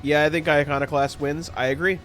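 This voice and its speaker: A man's voice: fairly high pitch, a little fast. A man live-streaming who chats with his audience, reads out story text theatrically and keeps breaking into laughter. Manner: excitable, breaks into laughter, theatrical when reading. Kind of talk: casual live-stream chat and dramatic reading. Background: faint background music.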